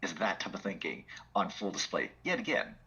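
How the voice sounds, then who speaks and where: Male podcast co-host with a very low, husky voice who chuckles a lot and fills his talk with "like". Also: sing-song, a little fast, pushed and bright, highs cut off. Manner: chuckling often, lots of "like" fillers. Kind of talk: casual political chat.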